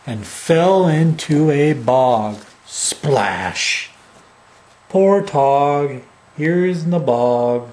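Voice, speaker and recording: Slow, gentle father reading aloud. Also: fairly high pitch, expressive, a little hiss or hum. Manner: gentle, slow, affectionate storytelling. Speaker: father reading to his baby. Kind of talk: bedtime story reading.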